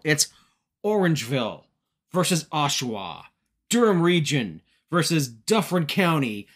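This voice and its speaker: A man's voice: on the high side, bright, forceful tone. A man from Canada giving a joking, casual wrestling recap as a podcast host. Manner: joking, chatty.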